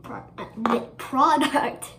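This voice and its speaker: A woman's voice: high voice, takes it slowly, fairly bright tone. A young woman chatting casually in a get-ready-with-me vlog, rambling with lots of fillers and giggles. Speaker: vlogger. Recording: echoey room with ambient noise.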